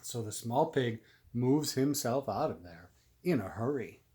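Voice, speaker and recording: A man reads a children's picture book aloud at an unhurried, steady pace. He stops every so often to ask his young listener questions. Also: mid-range voice. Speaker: reader to a child.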